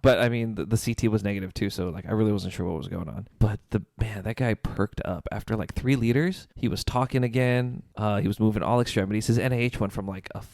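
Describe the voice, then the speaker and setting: A man's voice: on the low side, vocal fry, darkish tone, dry recording, clean studio sound. A man co-hosting a podcast, recounting a medical call in detail with fillers. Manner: fast, detailed case recounting. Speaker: podcast co-host, paramedic. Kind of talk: casual chat.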